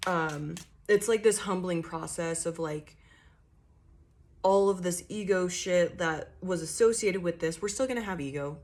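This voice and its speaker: A woman's voice: fairly low pitch, a little slow. A young woman giving a casual tarot reading, talking loosely and swearing freely as she acts out what her listeners might be thinking. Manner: loose, chatty and profane, acting out inner monologues. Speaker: tarot reader.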